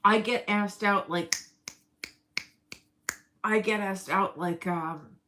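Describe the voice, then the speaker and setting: A woman's voice: mid-range voice, slow, pauses often, sharp tone, poor audio. A middle-aged woman rambling through a casual personal vlog, emotional and breaking into laughs. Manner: rambling, emotional, laughs often mid-sentence. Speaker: vlogger.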